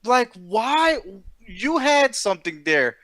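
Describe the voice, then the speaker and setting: A man's voice: extremely high pitch, very animated, slow pace, bright, forceful tone. A man co-hosting a casual wrestling chat, talking in profane slang and exclamations. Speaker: co-host.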